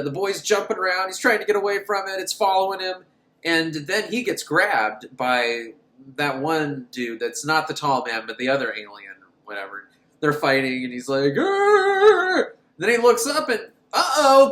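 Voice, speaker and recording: A man's voice: a little high, sharp tone, echoey room. A young man hosting a comic film recap, sarcastic and joking, laughing often. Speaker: podcast host.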